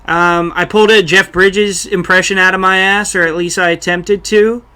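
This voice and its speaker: A man's voice: high-pitched, flat delivery, normal speed, pushed and bright, smooth. A young man hosting a casual podcast chat, loose and joking, who keeps slipping into celebrity impressions. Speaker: podcast host.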